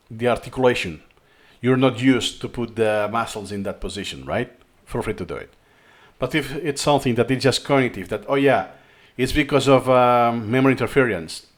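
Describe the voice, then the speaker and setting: Spanish-accented man explaining a tutorial. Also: medium pitch. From Spain. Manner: thinking aloud, repeats himself. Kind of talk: screen-recorded tutorial talk.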